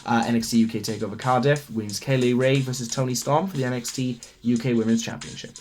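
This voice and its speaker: Excitable young man. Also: mid-range voice, quick pace, faint music behind. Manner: excitable fan, gushing and restarting. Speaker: podcast host. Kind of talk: solo wrestling podcast rundown.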